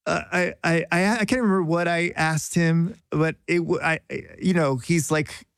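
A man's voice: a little high, fairly even intonation, moderate pace, vocal fry, clean tone, no echo. Male journalist guest, chatty and self-deprecating anecdote delivery, dry close mic. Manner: self-deprecating, rambling storytelling with restarts. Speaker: journalist telling a story. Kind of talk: casual podcast anecdote.

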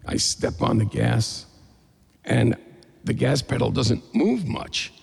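Gravelly man telling a funny story. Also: medium pitch, slow, in a large hall. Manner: animated, playful, self-mocking. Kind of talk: live comedic storytelling.

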